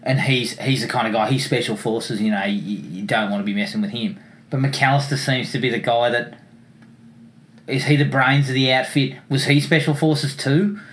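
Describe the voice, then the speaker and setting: A man's voice: medium pitch, fairly even intonation, moderate pace, fairly bright tone. A man hosting a casual film podcast in a chatty way, laughing often. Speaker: podcast host.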